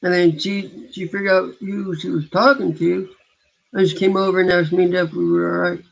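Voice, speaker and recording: A man with a high, gravelly voice tells a meandering story in a casual way, often backing up and restarting his sentences. The recording is muffled and lo-fi. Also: little pitch movement, moderate pace. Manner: rambling, with frequent restarts. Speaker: gamer recounting a story. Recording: dull lo-fi recording.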